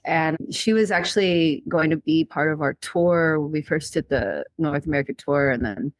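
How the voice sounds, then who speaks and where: A woman's voice: sits low, normal speed, no room sound. Upbeat woman singer chatting. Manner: upbeat, agreeable, many yeahs. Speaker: singer, guest. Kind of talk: casual interview chat.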